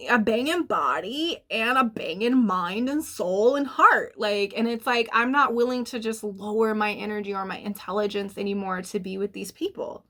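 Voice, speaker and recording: A young woman talks through a tarot reading in a loose, chatty monologue. She is animated and full of fillers, swears now and then, and laughs at her own asides. Her voice sits at an ordinary middle pitch. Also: unhurried. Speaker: tarot reader.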